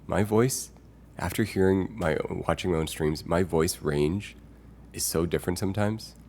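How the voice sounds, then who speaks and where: A man with a very low voice chats casually on a live stream, musing aloud and rambling through filler words. He reads viewers' messages out loud as he goes. Faint noise sits under his voice. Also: moderate pace.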